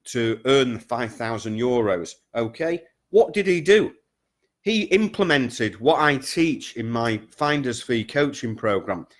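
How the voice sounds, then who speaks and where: Emphatic business coach. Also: male voice, on the high side. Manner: repetitive, emphatic, keeps checking in with "okay?" and "guys". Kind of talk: direct-to-camera coaching talk.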